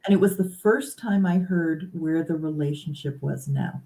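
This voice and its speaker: A woman guest speaking earnestly and reflectively in a casual conversation, pausing to stress key words. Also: deep voice, mellow. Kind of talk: casual conversation about grief.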